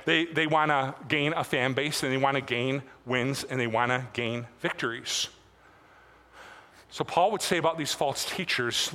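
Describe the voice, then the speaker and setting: A man's voice: medium pitch, measured pace, pushed and bright. A man preaching a sermon as pastor, conversational and self-deprecating, with casual asides. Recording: long hall reverb.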